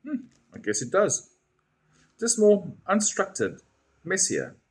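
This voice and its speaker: A man's voice: sits high, huge pitch swings, slow, slightly rough, pitched above the performer's own voice, heavily acted. A man voicing a reserved British librarian who speaks dryly and understated, with a British accent. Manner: dry, understated.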